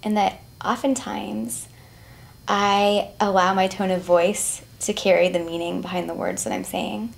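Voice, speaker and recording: A woman's voice: mid-range voice, lively intonation, measured pace, creaky. A woman speaking thoughtfully and candidly about her own habits. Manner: thoughtful, candid, self-questioning. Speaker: client in session. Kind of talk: reflective conversation.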